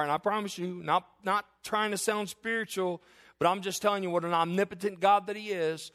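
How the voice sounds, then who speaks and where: A middle-aged man preaching from the pulpit, telling a story from his own life. His voice sits a little high for a man and he is earnest, swinging between loud emphatic declarations and quiet, hushed passages. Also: fairly even intonation, a little fast. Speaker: pastor. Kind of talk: sermon with personal story.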